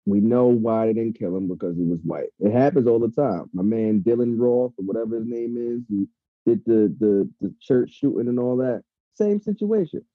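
A man's voice: mid-range voice, lively intonation, normal speed, no room sound. A man talking casually and heatedly, swearing freely, as a podcast co-host. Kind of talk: casual chat. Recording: dull lo-fi sound.

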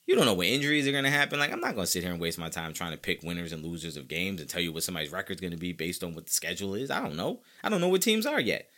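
A man's voice: low-pitched, very fast, hardly any pauses. A man hosting a sports podcast, talking casually and emphatically, repeating himself as he argues his opinions. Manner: emphatic, animated and opinionated, with frequent repetition. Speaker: podcast host.

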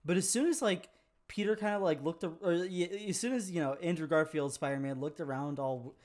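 A man's voice: on the high side, fairly quick, a little mellow. A young man co-hosting a movie podcast, chatting casually and laughing often. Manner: laid-back, laughs often. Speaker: podcast co-host. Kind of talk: casual chat.

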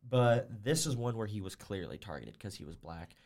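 A man's voice: lowish voice, expressive, moderate pace, a little mellow, slight background noise. A young man co-hosting a casual podcast discussion, talking bluntly with frequent cursing and lots of "like" fillers. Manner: blunt and profane, filler-heavy, full of "like". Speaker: co-host.

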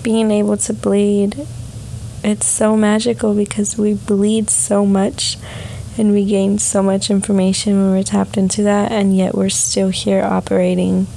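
A young woman vlogging a soft, heartfelt personal reflection on emotions. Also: medium pitch, monotone, measured pace, vocal fry, a little hiss or hum, poor audio.

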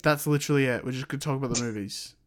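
A young man co-hosting a casual film podcast, talking in a rambling, halting way full of fillers. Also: mid-range voice. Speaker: podcast co-host.

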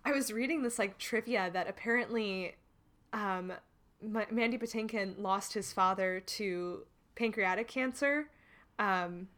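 A young woman co-hosting a casual chat about a film, animated and laughing often as she retells scenes. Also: mid-range voice, unhurried. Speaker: podcast co-host.

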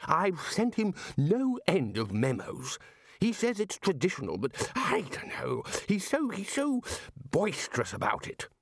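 A man's voice: high-pitched, wildly swooping pitch, unhurried, vocal fry, no echo, clean studio sound, pitched above the performer's own voice, heavily acted. A man voicing a nervous, querulous male university bursar who stammers and apologizes. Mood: fretful.

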